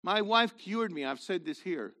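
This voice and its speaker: A middle-aged man preaching a sermon in a loose, conversational way, swinging from loud to quiet. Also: sits high, animated, normal speed. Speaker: pastor.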